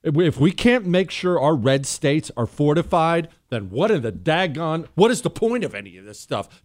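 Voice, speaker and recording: A man hosting a call-in talk radio show, wound up and ranting in fast, impulsive bursts. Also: a little high, big pitch swings, darkish tone, dry recording, clean studio sound.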